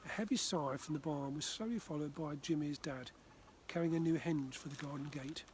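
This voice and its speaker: A man from the Far North of Scotland reading his children's book aloud, gently. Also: on the high side, moderate pace, slight background noise. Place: outdoors by a frozen loch.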